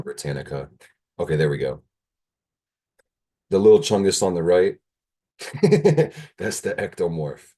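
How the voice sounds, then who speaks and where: A young man with a very deep, husky voice chats to the camera between bites of food. He rambles and jokes in a loose, casual vlog style, as if he were on a video call. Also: a little mellow. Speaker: vlogger. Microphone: camera in front of him, like a video call.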